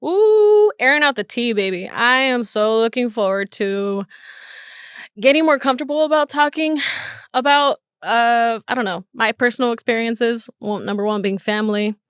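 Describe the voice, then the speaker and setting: A woman's voice: a little high, normal speed, fairly bright tone, clear, resonant tone, dry recording, clean studio sound. A young woman hosting her first solo podcast episode, talking candidly and nervously, emotional and swearing freely. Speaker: podcast host. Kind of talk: casual solo podcast monologue.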